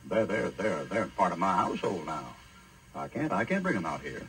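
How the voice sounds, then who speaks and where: A preacher doing Lot as a folksy old host. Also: male voice, deep voice, big pitch swings, moderate pace, a bit bright, pitched below the performer's own voice, exaggerated voice, rough recording. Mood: pleading. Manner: drawling, neighborly, stammering.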